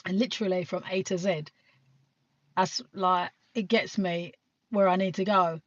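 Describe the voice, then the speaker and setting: A woman's voice: fairly low pitch, fairly even intonation, moderate pace. Chatty British woman live-streaming, lo-fi. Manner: rambling, chatty, laughs often, swears casually. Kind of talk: casual live-stream chat. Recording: dull lo-fi sound.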